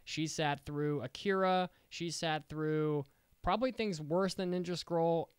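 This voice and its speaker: A man hosting a casual podcast in a dry, close-miked sound. His voice is smooth and resonant, a bit higher than most men's. He talks in an upbeat, joking way and often restarts his sentences. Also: dry recording. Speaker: podcast host.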